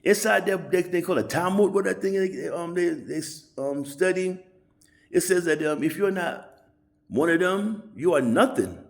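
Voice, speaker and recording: Casting note: man in a loose, rambling on-camera rant, a bit high-pitched with a gravelly edge, salty language. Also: unhurried. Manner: rambling, profane, keeps asking "you know what I'm saying". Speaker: channel host. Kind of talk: casual ranting monologue.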